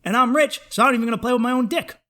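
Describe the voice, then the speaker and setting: A man's voice: extremely high pitch, racing, pushed and bright. A man hosting a comedy podcast, ranting in a worked-up, profane, emphatic way.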